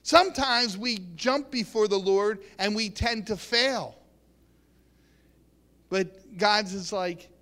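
A man preaches in an earnest, halting way, repeating words and acting out the quotes. His voice sits high and bright. A long hall echo trails behind every phrase. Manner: earnest, acts out quotes, many restarts. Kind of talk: sermon.

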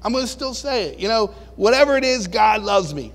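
A man preaching a sermon in a folksy, animated way, now and then acting out voices and shouting. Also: high voice, a little fast. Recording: long reverb of a large hall.

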